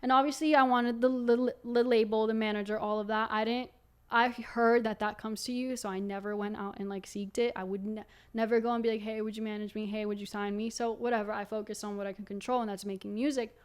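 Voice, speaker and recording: A young woman candidly telling her life story to camera as the host of her own show, talking in a quick, loose flow with many fillers. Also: a little high, fairly even intonation, smooth. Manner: candid and fast-flowing, full of fillers like "like". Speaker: singer and video host.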